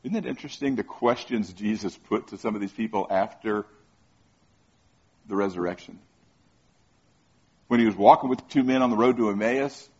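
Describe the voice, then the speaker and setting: A man's voice: lowish voice, moderate pace, pauses often, breathy edge, muffled recording. A man preaching a conversational sermon who keeps asking the listeners questions and often repeats his words.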